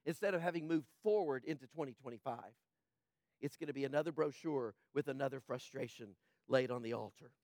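A man preaching a sermon, animated, with stammered restarts and sudden drops to a low, quiet delivery. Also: brisk, no room sound, studio quality. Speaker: pastor.

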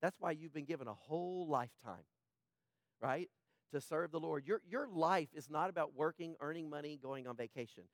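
A man preaching a sermon, animated, with stammered restarts and sudden drops to a low, quiet delivery. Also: moderate pace, dry recording, studio quality. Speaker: pastor.

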